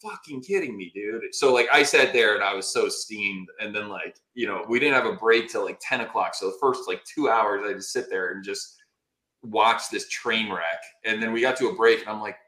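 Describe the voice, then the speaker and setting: A man guesting on a podcast, telling a story in animated, exasperated casual chat and swearing freely. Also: fairly low pitch, moderate pace, reverberant.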